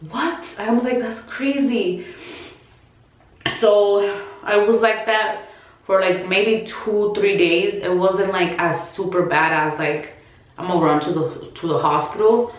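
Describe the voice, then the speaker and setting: A woman's voice: medium pitch, fairly even intonation, a little slow. Chatty woman in a very echoey room. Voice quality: chatty, filler-heavy, many restarts and acted quotes. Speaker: vlogger. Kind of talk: casual personal storytelling to camera.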